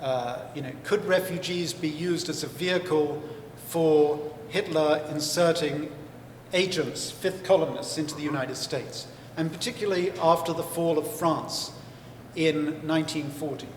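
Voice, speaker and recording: At a measured pace, this author and historian talks as a guest in a live festival interview, his fairly high voice carrying through a big book-festival hall. His explanations are long and reflective, full of fillers and false starts. There's a faint ambient echo and a bit of hiss or hum on the recording.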